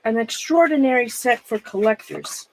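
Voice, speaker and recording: Chatty middle-aged woman, a touch high. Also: animated, normal speed, rough recording. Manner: chatty, rambling, greets viewers by name. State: nervous and shaky. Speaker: livestreamer. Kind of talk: casual livestream chat while sorting a closet.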